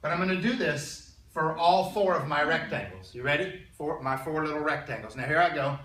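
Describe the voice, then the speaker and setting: Throat-clearing man teaching class. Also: on the high side, expressive, a little fast, a bit bright. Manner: conversational, keeps checking in with students. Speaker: math teacher. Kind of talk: classroom lecture. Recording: roomy classroom sound from a distance.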